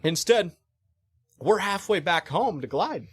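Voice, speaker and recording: A man in casual podcast talk, telling a comic story with lively, swinging delivery. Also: high-pitched, slow, breathy edge, no echo. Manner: animated, acts out voices in his stories. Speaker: podcast guest.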